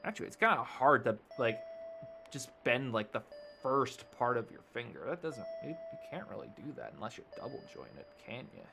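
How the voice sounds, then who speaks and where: A man's voice: medium pitch, big pitch swings, fairly quick, gravelly, noisy background. A man streaming a casual tutorial, thinking aloud and muttering as he works, with the odd swear. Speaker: streamer teaching 3D modeling.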